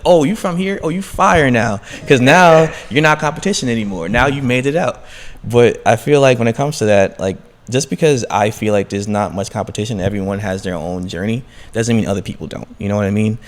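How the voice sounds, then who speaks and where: Brooklyn dude, low voice, real honest and thoughtful, hall reverb. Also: male voice, darkish tone. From Brooklyn, New York. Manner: candid, reflective. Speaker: musician guest. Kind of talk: casual round-table chat.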